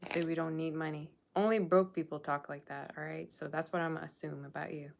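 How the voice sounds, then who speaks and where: Her voice is low and creaky, her intonation fairly even, and she speaks at a quick pace. A woman of Persian Russian background, she gives a casual tarot reading, bluntly and sassily scolding her viewers about their standards.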